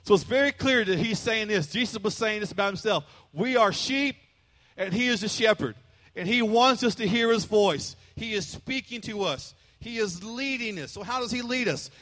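A man with a high voice preaching a sermon to his congregation. He swings between loud emphatic declarations and quieter explanation, pulling listeners in with call-and-response. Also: moderate pace. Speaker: pastor.

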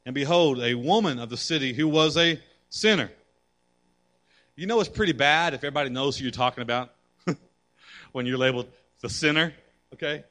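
A man preaching a sermon to women, reading scripture aloud and swinging between loud emphasis and quiet asides. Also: mid-range voice, fast talker. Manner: addresses the women in the audience directly; reads scripture aloud and comments on it.

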